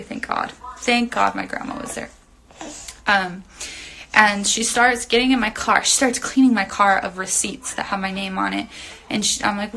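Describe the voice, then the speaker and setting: A woman's voice: medium pitch, creaky, bright, forceful tone, low-quality recording. A young woman telling a long story on a phone livestream, rambling with lots of fillers and casual swearing. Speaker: reality TV personality on a livestream.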